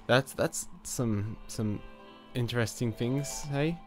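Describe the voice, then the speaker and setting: A man's voice: medium pitch, slow, faint music behind. A man with a stuffed-up cold, casually commenting on his life-sim game with lots of fillers, restarts and chuckles. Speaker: gaming channel host. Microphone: new desk microphone.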